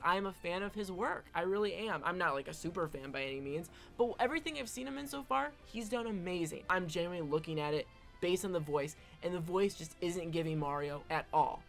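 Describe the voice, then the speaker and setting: An online film commentator, a woman with a voice on the low side, gives casual opinion commentary emphatically, often tagging her points with "all right?".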